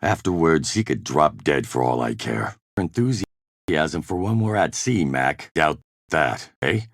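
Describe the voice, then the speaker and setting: An actor playing a hard-bitten, mercenary privateer captain in video game voice-over takes, with curt, sardonic lines. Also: male voice, a bass voice, lively intonation, a little slow, no room sound, studio quality, exaggerated voice. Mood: gruff. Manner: curt, sardonic one-liners. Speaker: voice actor in game recording sessions.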